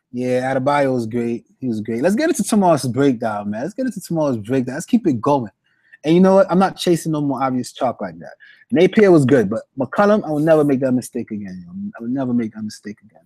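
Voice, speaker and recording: A young man with a warm, mellow voice and a slangy, animated way of talking, chatting casually on a fantasy sports stream. His voice sits close and dry, with little room sound around it. He keeps giving shout-outs as he reads the chat. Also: medium pitch, no room sound.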